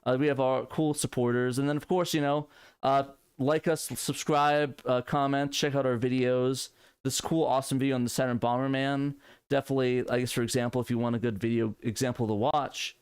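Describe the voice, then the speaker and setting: A man co-hosting a casual live stream, easily excited and bursting into laughing exclamations. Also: mid-range voice, brisk, clear, resonant tone, dry recording, studio quality. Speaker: podcast co-host.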